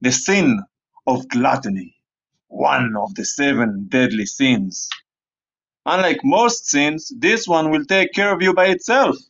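A man's voice: medium pitch, slow pace, a bit bright, highs cut off. A man hosting a podcast, giving a playful, rambling comic monologue in the style of a sermon. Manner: rambling and playful, slips into joke accents. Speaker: podcast host.

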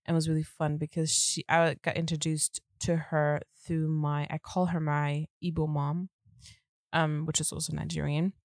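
Woman co-host, lowish voice, dry close mic, animated storyteller who laughs easily. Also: moderate pace, no echo. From Germany. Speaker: podcast co-host. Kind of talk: casual storytelling chat.

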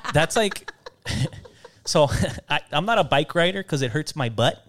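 A man's voice: fairly high pitch, sing-song, measured pace, a bit bright. A man co-hosting a casual chat show, telling laid-back stories and laughing often. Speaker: podcast co-host.

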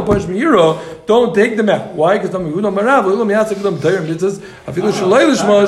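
A man's voice: sits high, reverberant. A man teaching a Gemara class to students, explaining the text and joking with them along the way. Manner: joking, quick asides to students. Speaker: Talmud teacher.

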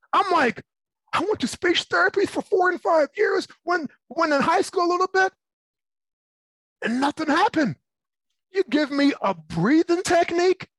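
Husky middle-aged man telling stories. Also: very high voice, dry recording, low-quality recording. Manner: animated, acts out voices in his stories. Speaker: interviewee. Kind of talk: personal storytelling.

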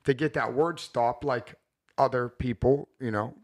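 A man's voice: mid-range voice, measured pace. A man co-hosting a casual podcast chat, talking bluntly and thinking aloud with frequent restarts. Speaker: podcast co-host.

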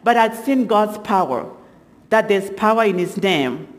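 A middle-aged woman giving a sermon testimony as guest speaker, telling stories with halting restarts and lively acted quotes. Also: mid-range voice. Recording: long hall reverb.

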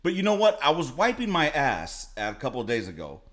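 His mid-range, slightly bright voice swoops wildly in pitch as he talks a little fast. A podcast co-host from Los Angeles, he tells crude stories with swagger, profanity and plenty of laughter.

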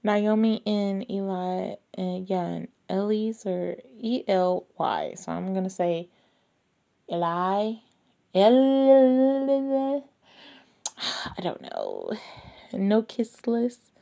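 A woman chats unhurriedly about books she loves. Her voice sits at a mid pitch and keeps spilling into excited, gushing exclamations, with hushed asides in between. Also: very slow, creaky. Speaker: book vlogger. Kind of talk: casual chat.

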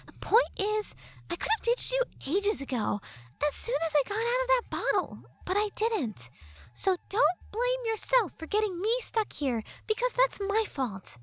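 A woman puts on a sharp-tongued little fairy girl, squeaky and way up high, voice swinging all over the place as she teases, close and dry with soft music under it. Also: sing-song, unhurried, no room sound, heavily acted. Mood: defensive. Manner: snappy, teasing, high and bright. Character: sharp-tongued young female fairy, sarcastic but caring. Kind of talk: audiobook character voice.

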